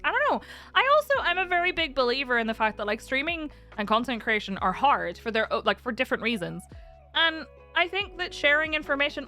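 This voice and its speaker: A woman streamer chatting casually on a live stream, giggling often and now and then cooing softly to her pets. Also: high voice. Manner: giggly, animated, laughs often; coos in a soft baby voice to her pets.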